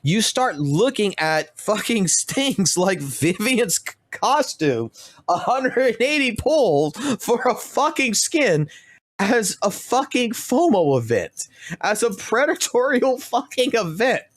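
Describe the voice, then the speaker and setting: A man's voice: sits high, sing-song, slow pace, no room sound. A man streaming games, ranting heatedly in casual commentary and swearing constantly. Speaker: gaming streamer.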